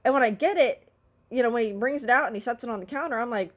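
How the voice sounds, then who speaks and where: A woman's voice: fairly high pitch, fast. Woman, middle-aged, casual vlog storytelling, vocal, exasperated ranting. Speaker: vlogger.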